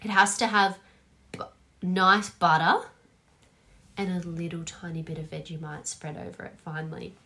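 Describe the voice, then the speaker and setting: Aussie woman podcast cohost, low-ish voice, animated, swears a bit. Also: normal speed, pauses often. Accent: Australian. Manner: animated, swears casually, acts out quotes. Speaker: podcast co-host. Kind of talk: casual chat.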